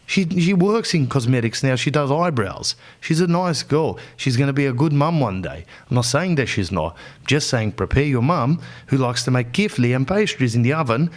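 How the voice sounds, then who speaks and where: Animated Australian man telling comic stories. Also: mid-range voice, moderate pace. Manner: animated, slips into characters' voices; rambling, slangy. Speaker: podcast host. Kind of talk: comedic storytelling monologue.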